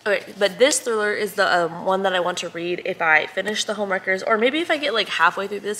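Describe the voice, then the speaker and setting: A young woman from Texas, chatting casually to camera as a book vlogger at home, bubbly and talkative with quiet whispered asides. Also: mid-range voice, quick pace, hardly any pauses, slight background noise. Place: at home indoors.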